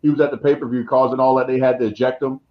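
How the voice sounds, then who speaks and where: A man's voice: medium pitch, little pitch movement, rapid-fire, dull audio. A man co-hosting a casual wrestling chat, pushing questions and laying out booking ideas. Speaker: podcast co-host.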